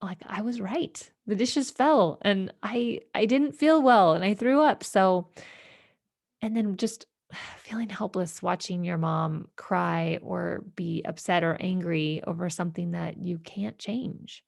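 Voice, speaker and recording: A woman with a low, gravelly voice recounts a personal story, reflective and halting, full of fillers and restarts. The sound is dry and close, with no room echo. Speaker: podcast host.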